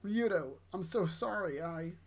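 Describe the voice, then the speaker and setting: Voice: medium pitch, animated, unhurried. A player reading aloud for a remorseful young woman who keeps apologizing. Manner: pleading, apologetic.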